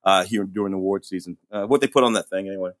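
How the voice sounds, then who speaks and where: A man in his forties co-hosting a podcast, chatting casually about films in an animated way, with laughs and restarts. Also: sits low, fast, dry recording. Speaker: podcast co-host. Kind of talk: casual review chat.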